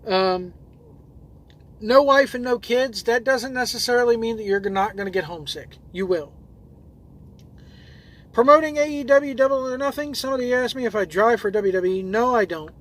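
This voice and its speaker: A man's voice: very high voice, expressive, normal speed. A man who drives trucks and hosts his own videos, reading viewer comments aloud in a loose, rambling way with lots of fillers and restarts.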